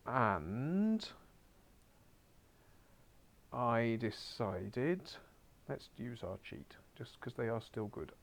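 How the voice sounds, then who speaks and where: A man's voice: mid-range voice, very animated, drawn-out words, long pauses. A man teaching a beginners' Spanish class, coaxing his pupils along with wry asides and muttered whispers, heard in a school classroom.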